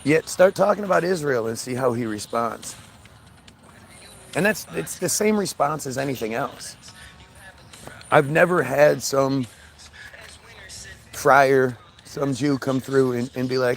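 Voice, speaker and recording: A man's voice: medium pitch, a little slow, gravelly, long pauses, slight background noise. A man ranting in a casual monologue, swearing often, with frequent stammers and restarts. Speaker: podcast host.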